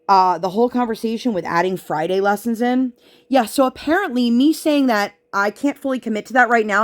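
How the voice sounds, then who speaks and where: A woman vlogger chatting casually while she crafts, venting her frustration as she retells an argument. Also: medium pitch.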